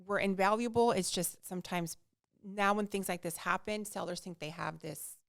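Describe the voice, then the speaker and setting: A woman mortgage lender as a guest in a casual podcast chat, explaining her work in steady, full points. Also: medium pitch, moderate pace, creaky, dry recording, clean studio sound.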